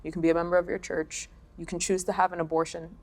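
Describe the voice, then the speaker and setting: Female analyst, low register, reflective and deliberate. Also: little pitch movement. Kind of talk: panel discussion.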